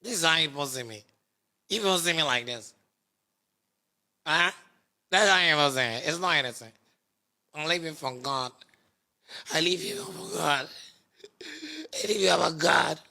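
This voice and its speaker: A Ghanaian man with a gravelly voice puts on a melodramatic, self-pitying woman, whining in a sing-song and repeating his phrases. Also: fairly high pitch, lively intonation, moderate pace, pauses often, pushed and bright, full character voice. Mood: mock pleading. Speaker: musician mocking a critic. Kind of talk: mocking impersonation monologue.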